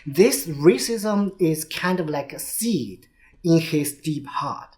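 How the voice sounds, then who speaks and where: A man's voice: on the high side, animated, slow, darkish tone. A man with a Chinese accent, a native Chinese speaker, giving an urgent, earnest video commentary as a vlogger. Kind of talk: direct-to-camera commentary.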